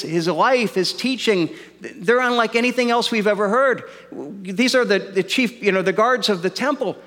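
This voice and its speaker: A man's voice: high-pitched, fairly bright tone, long reverb tail. A man preaching a sermon as pastor, earnest and repeating words as he works through an argument.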